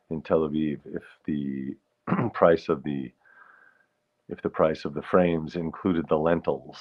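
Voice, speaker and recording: A man's voice: rumbling low, highs cut off. A man hosting a livestream, chatting casually and rambling while reading out comments from viewers. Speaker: livestream host.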